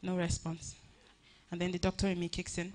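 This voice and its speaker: Earnest woman telling a halting story. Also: on the low side, monotone, a little mellow. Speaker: daughter giving a funeral tribute. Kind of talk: personal tribute speech. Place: church funeral service.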